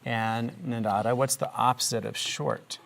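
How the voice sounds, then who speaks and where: A woman with a strikingly deep voice and a gravelly edge leads young children through a reading lesson. She is patient and encouraging, and she keeps drawing answers out with steady questions. A faint hiss sits under the recording. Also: normal speed. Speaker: reading teacher.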